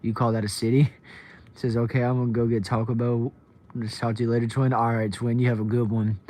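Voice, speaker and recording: A man's voice: medium pitch, flat delivery, brisk, warm tone. A young man from Texas, casually chatting on a livestream, reading viewer comments aloud and greeting people by name. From Texas, USA. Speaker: livestream host.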